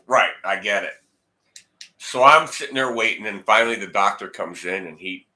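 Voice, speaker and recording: Man, rambling storyteller, repeats himself, bright tone, slightly low voice. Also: a little fast. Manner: rambling, repeats words, acts out dialogue. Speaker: guitar channel host. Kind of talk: casual storytelling. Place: home, indoors.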